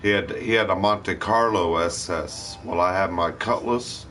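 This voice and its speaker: Middle-aged guy rambling through a story, cussing a lot, lowish bright voice. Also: measured pace, slight background noise. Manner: rambling, profane, digressive. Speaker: live stream host. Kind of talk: casual storytelling.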